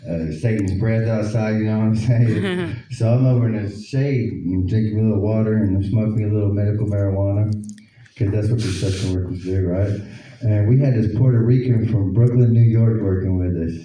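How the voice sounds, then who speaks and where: On a comedy club stage, a man with an Oklahoma accent does stand-up, spinning loose stories, slipping into voices and laughing along. His voice is fairly low, steady, brisk and dark. The echoey recording was captured from far off, with the crowd laughing in the background.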